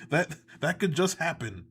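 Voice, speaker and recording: A man's voice: fairly high pitch, fairly bright tone, slightly rough. A man hosting a live reaction stream, ranting in casual, sarcastic and profane commentary, audibly exasperated.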